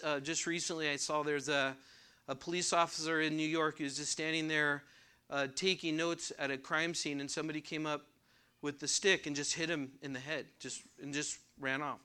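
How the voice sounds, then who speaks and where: A man's voice: on the high side, sharp tone. A man, a pastor, giving conversational verse-by-verse Bible teaching, explaining in plain words and asking rhetorical questions.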